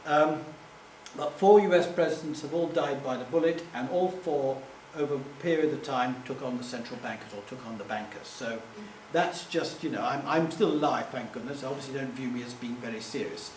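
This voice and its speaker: A man's voice: mid-range voice, a little fast, a little mellow, a little hiss or hum. A middle-aged man telling anecdotes to a live audience in a chatty, self-deprecating way, stumbling over names and laughing at himself. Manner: chatty, self-deprecating, acts out quoted voices. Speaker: public speaker. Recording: echoey room, distant mic.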